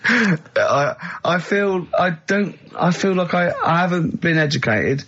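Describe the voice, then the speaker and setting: A man with a bright, slightly husky voice hosts a comedy radio show. He teases and mocks the stories he hears and often breaks into shrieking laughter. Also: animated, measured pace, muffled recording. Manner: mocking, bursts into high laughter. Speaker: radio host.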